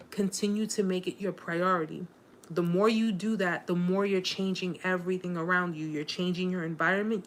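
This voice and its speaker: A woman hosting a casual live chat with viewers, warm and encouraging, rambling with many fillers and restarts, openly emotional. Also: lowish voice, a little hiss or hum.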